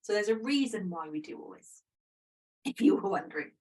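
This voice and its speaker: A woman guiding a yoga breathing practice in a gentle, chatty, self-deprecating way. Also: medium pitch, lively intonation, fairly quick, far from the mic, low-quality recording. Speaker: yoga teacher. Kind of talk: guided breathing instruction.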